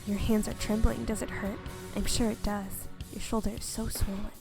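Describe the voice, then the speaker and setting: A cold, controlling young man, possessive and menacing, as a woman puts him on with her voice dropped low. He talks quietly and coldly while reading a game character's lines aloud, with game music behind him. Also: level tone, moderate pace, gravelly, lightly acted.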